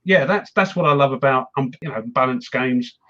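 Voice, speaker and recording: A man's voice: medium pitch, moderate pace, bright, forceful tone, muffled recording. A man hosting a wargaming chat show, rambling and self-mocking as he talks through his games. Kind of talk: casual chat.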